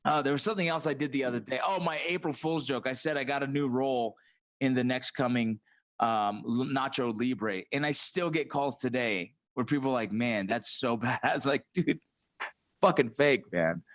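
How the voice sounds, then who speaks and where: A man's voice: mid-range voice, a little fast, a bit bright. A man hosting a casual chat, talking loosely and swearing, often saying bro and dude. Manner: loose, profane, calls people bro and dude. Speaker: host.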